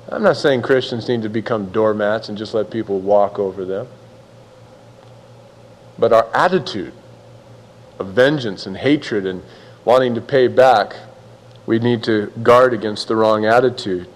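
A man's voice: lowish voice, unhurried, long pauses, in a large hall, poor audio. A man preaching a sermon in a conversational, folksy way, acting out little quotes as he goes. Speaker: pastor.

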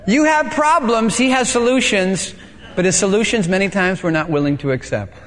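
A male pastor preaching a sermon, animated, acting out little dialogues with shouts and laughter. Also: high-pitched, normal speed, big-room sound, some chatter behind.

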